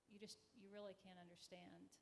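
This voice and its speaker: A woman speaking earnestly on a panel, recounting a personal story in a candid, unpolished way. Her pitch sits in an ordinary middle range, with faint background noise behind her. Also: flat delivery, fairly quick, vocal fry, in a large hall.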